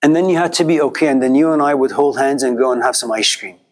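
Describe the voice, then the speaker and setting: A man's voice: medium pitch, rapid-fire. A middle-aged man giving an informal philosophy lecture in a classroom, telling stories and acting out quoted voices in a conversational way.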